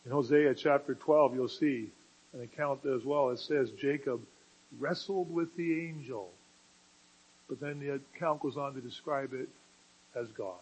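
A man preaching a sermon, moving from quiet explanation to loud, emphatic passages. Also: medium pitch, measured pace, breathy edge, low-quality recording.

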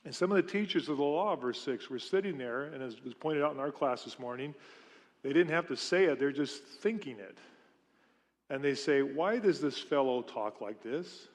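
A man preaching a conversational sermon in a church. His voice sits a little high for a man, and his stories and questions to the congregation carry a long reverb through the sanctuary. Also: moderate pace. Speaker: pastor.

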